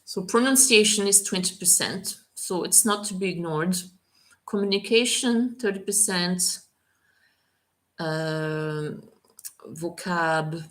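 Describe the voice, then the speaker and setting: A woman French teacher in a live question-and-answer session, chatty and relaxed, with many fillers and carefully spoken French examples. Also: lowish voice, takes it slowly.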